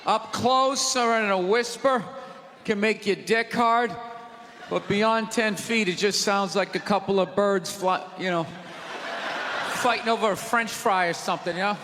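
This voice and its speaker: A man doing a stand-up comedy routine on a theater stage, with a loud, profane, ranting delivery. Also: sits high, unhurried, background noise. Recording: live theater recording with long reverb and crowd laughter. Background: audience laughing and cheering.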